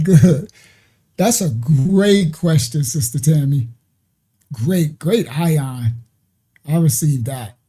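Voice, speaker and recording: His voice is high and mellow as he leads a ministry livestream. Often laughing, he teaches informally, replies to comments from viewers, spins loose stories, and says "right?" again and again.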